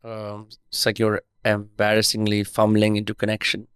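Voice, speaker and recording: A man from India with an Indian accent tinged with an American twang, hosting a podcast with candid, relaxed questions. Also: fairly low pitch, moderate pace, clean tone, no echo, clean studio sound. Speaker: podcast host. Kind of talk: casual interview chat.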